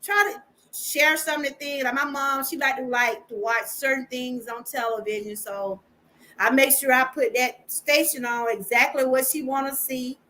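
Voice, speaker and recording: A middle-aged woman from Georgia talks in a loose, chatty Southern way, hosting a live stream and addressing her viewers as y'all. Her voice sits high and sounds bright and forward. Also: fairly even intonation, moderate pace. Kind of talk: casual live chat.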